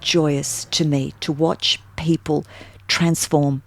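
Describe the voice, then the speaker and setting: Low gravelly Australian woman. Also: takes it slowly. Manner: animated storyteller, jumps into acted quotes. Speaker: guest, stylist and make-up artist. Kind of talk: casual interview chat.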